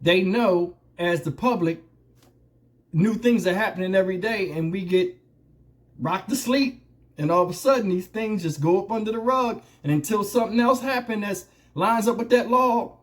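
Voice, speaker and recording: A man rants straight to his viewers, his voice sitting noticeably high for a man. He rambles, throws out rhetorical questions and swears freely as he builds his case. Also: moderate pace. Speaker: commentary channel host. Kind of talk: opinionated commentary monologue.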